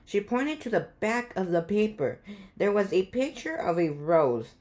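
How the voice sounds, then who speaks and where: Slow-reading woman storyteller. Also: medium pitch, big pitch swings, a little mellow. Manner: slow, clear storybook narration. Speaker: guest reader. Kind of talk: children's book read-aloud.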